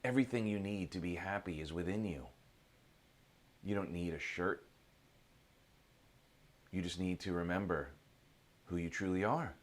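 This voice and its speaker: A man voicing a wise old sage who speaks slowly and calmly. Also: low-pitched, voice pushed down. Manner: slow, calm, measured. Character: wise old male sage, calm and knowing.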